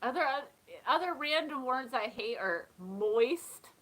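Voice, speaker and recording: A woman's voice: high voice, lively intonation, a little slow, fairly bright tone, rough recording. A woman hosting a casual live chat, talking in a chatty way, often laughing and reading comments aloud. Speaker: live stream host.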